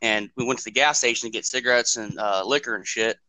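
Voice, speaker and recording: A man's voice: mid-range voice, fast talker, sharp tone, dry recording, low-quality recording. A man co-hosting a podcast, telling a story in casual, profane, rambling talk and acting out what people said. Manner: profane, rambling, acts out quotes. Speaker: podcast co-host.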